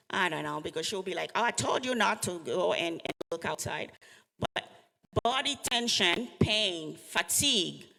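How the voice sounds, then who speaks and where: A woman's voice: medium pitch, a bit bright. A woman giving an earnest talk on trauma to a live audience, coaching them and asking them questions. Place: event hall with an audience. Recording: long hall reverb.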